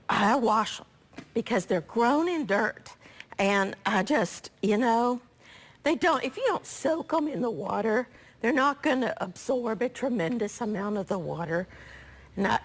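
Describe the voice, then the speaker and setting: A woman hosting a live cooking demonstration, her voice raspy from allergies, chatting homily with viewers. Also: on the high side. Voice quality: chatty, homey, talks to viewers directly. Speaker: cooking show host.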